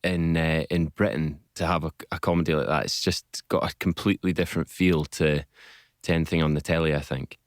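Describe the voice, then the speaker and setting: A Scottish man with a very low, smooth voice, talking modestly on a radio show. He laughs at himself easily, and the studio sound is dry and close. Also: level tone, brisk, no echo. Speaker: radio guest, singer and actor. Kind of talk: casual radio interview chat. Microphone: studio microphone.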